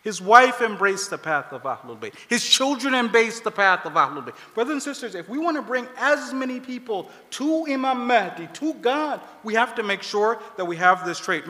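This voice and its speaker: A man's voice: high-pitched, moderate pace, few pauses. A man preaching a sermon, telling a story animatedly and acting out the voices of the people in it. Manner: animated, acts out quoted voices. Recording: long hall reverb.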